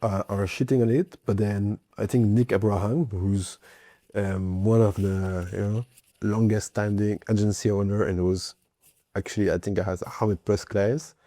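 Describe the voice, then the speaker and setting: A man with a low, dark and mellow voice chats loosely as host, filling his talk with asides and fillers. The sound is dry and close. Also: no room sound. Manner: chatty, many fillers and hedges. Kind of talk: casual conversation.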